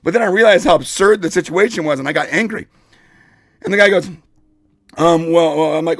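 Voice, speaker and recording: High-voiced man spinning an animated story. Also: fairly quick, long pauses, no echo, clean studio sound. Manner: animated, acts out quotes. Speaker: podcast co-host. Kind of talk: casual storytelling.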